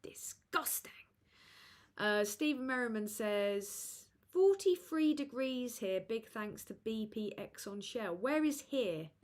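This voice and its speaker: A woman hosting a live chat with viewers, rambling and halting with many fillers, tired and low. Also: expressive, a little mellow. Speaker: livestream host.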